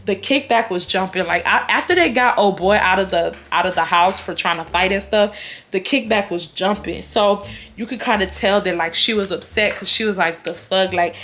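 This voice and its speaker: A young woman telling a storytime, chatty and slangy, with animated voiced quotes of the people in her story. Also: medium pitch. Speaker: vlogger. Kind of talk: casual storytime.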